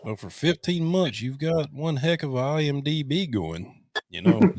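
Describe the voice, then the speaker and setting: A man's voice: on the high side, big pitch swings, a little slow. A man hosting a podcast interview, chatting casually in a jokey, self-mocking way and laughing often. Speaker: podcast host.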